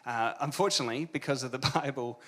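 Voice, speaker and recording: A man's voice: medium pitch, quick pace. A man on a discussion panel who talks in an easygoing, thoughtful way with wry asides.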